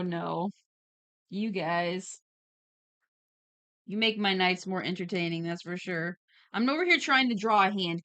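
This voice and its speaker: A woman's voice: medium pitch, a bit bright, dry recording. A woman streamer chatting casually while drawing, reading viewers' messages aloud with a giggly, playful manner. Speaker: streamer and digital artist.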